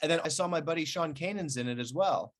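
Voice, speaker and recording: A man's voice: a little high, fast talker. A man hosting an interview show, chatting with a guest in an enthusiastic, chummy way. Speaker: talk show host. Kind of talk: casual interview chat.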